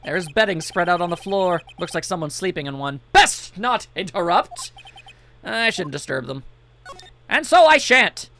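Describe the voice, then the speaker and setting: Man, let's play commentary, jokey, animated voice, bright tone. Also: sits high, normal speed, slight background noise. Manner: jokey, reads on-screen text aloud. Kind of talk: casual gameplay commentary.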